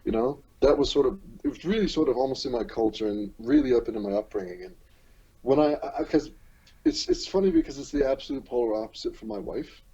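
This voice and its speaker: A man from Newfoundland and Labrador hosting a podcast, talking in a rambling, halting way with many restarts. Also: mid-range voice, huge pitch swings, dark tone, slightly rough, dull audio. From Newfoundland and Labrador, Canada. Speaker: podcast host. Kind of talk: casual chat.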